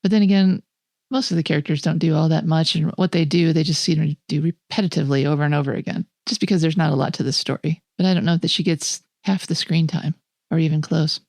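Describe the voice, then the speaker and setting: A woman's voice: low-pitched, fairly even intonation, fast, creaky, darkish tone, no room sound, clean studio sound. A woman co-hosting a film podcast, talking in an enthusiastic, opinionated way and laughing often. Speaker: podcast co-host. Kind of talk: casual film review chat.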